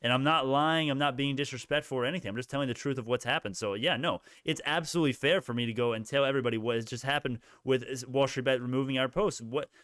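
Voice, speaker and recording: A man's voice: mid-range voice, fast, few pauses, fairly bright tone, no echo, studio quality. A young man hosting a casual stock livestream, ranting heatedly at his chat with many restarts.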